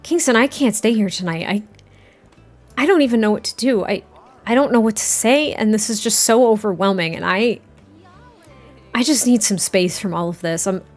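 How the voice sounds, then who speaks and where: A woman's voice: medium pitch, normal speed, darkish tone, soft background music, natural voice. A woman voicing an overwhelmed young mother who stammers and asks questions in disbelief. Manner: stammering, raised and exasperated.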